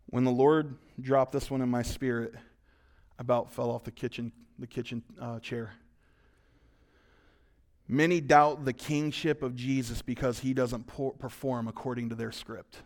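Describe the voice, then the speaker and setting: A male pastor preaching a sermon, animated, acting out voices and swinging between loud and quiet. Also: mid-range voice, unhurried, pauses often.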